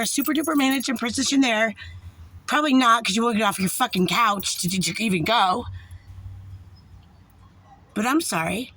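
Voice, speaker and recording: A woman's voice: medium pitch, fairly bright tone, a little hiss or hum. A mother in an angry, profane, rambling direct-to-camera rant. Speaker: parent.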